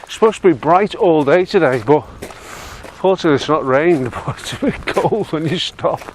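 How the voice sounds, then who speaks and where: A man's voice: on the high side, expressive, moderate pace. A man with a Yorkshire accent chatting casually as he walks across windy open moorland, self-mocking and laughing often. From Yorkshire, England. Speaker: walking guide vlogger. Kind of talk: casual walking commentary.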